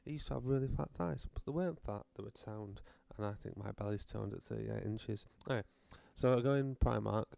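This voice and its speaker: A British man with a low, gravelly voice rambles through a comic rant, dry and sardonic, cursing casually as he wanders off on tangents. The sound is close and dry, with a mellow, dark tone. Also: brisk, hardly any pauses, no room sound. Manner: rambling, sardonic, swears freely. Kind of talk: comedic rant monologue.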